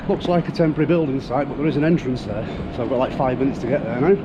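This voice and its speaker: A man's voice: medium pitch, racing, few pauses, dull audio. Vlogger: British man, upbeat and chatty, filming on the street with city noise around. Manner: chatty, self-mocking asides. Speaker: travel vlogger. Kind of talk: casual walking vlog.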